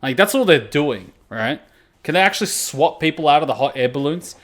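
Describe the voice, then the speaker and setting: A young man hosting an anime reaction video, chatting casually with plenty of swearing and sudden loud outbursts. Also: fairly high pitch, fairly quick. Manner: profane, animated, breaks into loud outbursts.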